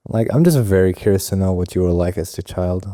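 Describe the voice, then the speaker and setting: A man's voice: deep voice, fast, dark tone. A man hosting a casual podcast interview, asking curious questions and encouraging his guest. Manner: curious, encouraging, short backchannels. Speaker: podcast host.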